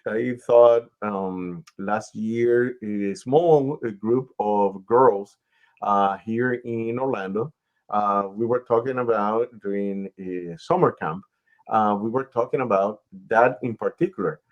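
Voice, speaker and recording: With the highs cut off, this low-ish male voice belongs to a radio interview host who manages talent too. He takes his time, casually handing out long advice and explaining at length.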